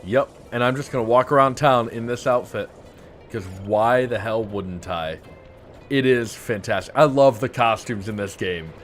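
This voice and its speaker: A man's voice: mid-range voice, normal speed, faint music behind. A young adult man, a gaming video host, casually joking and rambling through let's play commentary. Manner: joking, meandering, playful.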